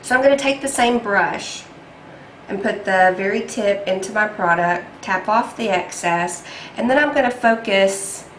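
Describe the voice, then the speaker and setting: Young woman vlogger, unhurried and chatty, talking through an eye makeup tutorial in a roomy space with a faint hum. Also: mid-range voice, a bit bright. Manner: chatty and self-deprecating, with frequent ums. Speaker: beauty vlogger.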